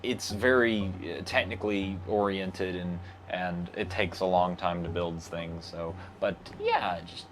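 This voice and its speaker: A man with a fairly low voice chats casually as a guest. He wanders through his points, stopping and restarting with plenty of fillers, and faint music plays behind him. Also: steady tone, measured pace, few pauses. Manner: rambling, many restarts and fillers. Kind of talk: casual chat. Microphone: lapel mic.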